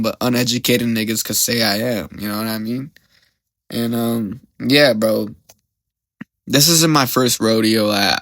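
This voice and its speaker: A man's voice: mid-range voice, a bit bright, no room sound. A young man hosting a podcast, telling a story in a rambling, slang-heavy way and often getting sidetracked. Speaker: podcast host.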